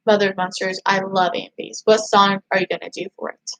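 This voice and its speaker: A woman hosting a casual livestream, chatting and reading viewer comments aloud. She rambles excitably, restarting her sentences often. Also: medium pitch, quick pace, low-quality recording. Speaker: YouTube channel host.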